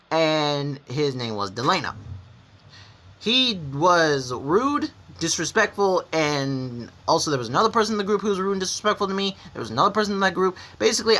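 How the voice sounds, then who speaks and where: Lively, bright-voiced young gaming vlogger. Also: medium pitch. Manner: rambling, with frequent restarts and self-corrections; blunt and confessional, with casual swearing. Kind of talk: candid personal storytelling to camera.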